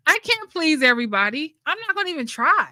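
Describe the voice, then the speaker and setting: A woman's voice: sits high, very animated, fast, bright, forceful tone, no room sound. Woman doing a casual livestream, blunt and laughy, dry close sound. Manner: blunt, laughing often, with slang. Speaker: channel host.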